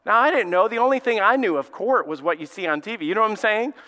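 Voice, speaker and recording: In a large hall, a Southern-accented lead pastor from Alabama delivers a conversational sermon, storytelling casually with many fillers and restarts. He speaks quickly in a high-pitched, sharp-toned voice.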